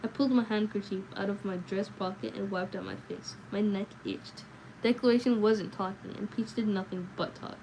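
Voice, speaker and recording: Mellow-voiced woman reading a novel aloud. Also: medium pitch, normal speed, slight background noise, rough recording. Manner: steady reading with small slips and self-corrections. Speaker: livestream book reader.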